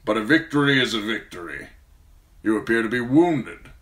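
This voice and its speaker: A man reading an audiobook, voicing a cold, calculating older lord who speaks slowly and evenly. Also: lowish voice, expressive, a bit bright, voice pushed up. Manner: slow, measured, cold.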